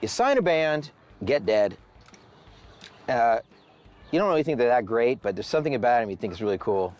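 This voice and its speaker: A man's voice: mid-range voice, animated, normal speed, darkish tone, muffled recording. A man who runs a record label tells stories in a documentary interview. He swears freely and acts out the voices of the people he quotes.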